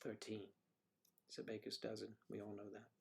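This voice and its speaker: A man's voice: fairly low pitch, monotone, brisk, creaky, a little mellow. A middle-aged man hosting a casual livestream, joking and chatting with viewers and reading out their comments. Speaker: livestream host.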